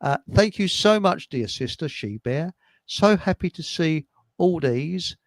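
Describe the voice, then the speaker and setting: A man's voice: a little high, lively intonation, measured pace, no room sound. An English man co-hosting a casual live stream, reading out listener comments with jokes and trailing mumbles. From England. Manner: jokey, chatty, trails off into mumbles.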